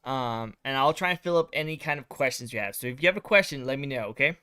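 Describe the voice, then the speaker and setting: A man's voice: mid-range voice, animated, quick pace, sharp tone, smooth, no room sound, clean studio sound. A male streamer casually recapping a game's story, rambling with lots of fillers. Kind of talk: casual game recap chat.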